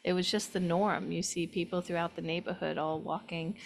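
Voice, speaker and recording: A woman's voice: fairly low pitch, steady tone, a little fast, vocal fry. A woman with a New York accent, from New York, hosting a nutrition show and chatting with her guest in an enthusiastic, playful way. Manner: enthusiastic, praising, playful teasing. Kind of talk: casual health chat.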